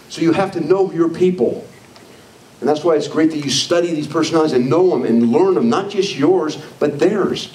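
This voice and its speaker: In an echoey hall, a leadership trainer energetically motivates a live audience, playing out quoted figures in lively voices. His pitch runs fairly high. The microphone sits far away and catches a bit of faint noise.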